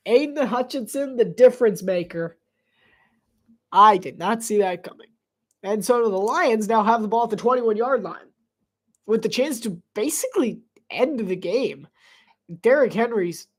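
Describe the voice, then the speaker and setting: A woman's mid-range voice delivers solo live play-by-play of a football game. She's chatty, laughs easily, and cracks jokes between plays.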